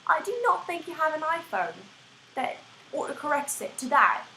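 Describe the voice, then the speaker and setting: A woman's voice: sits high, sing-song, moderate pace, bright, forceful tone, a little hiss or hum. A young woman with a put-on American accent, ranting to camera in exasperated, swearing bursts. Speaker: vlogger. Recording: echoey room.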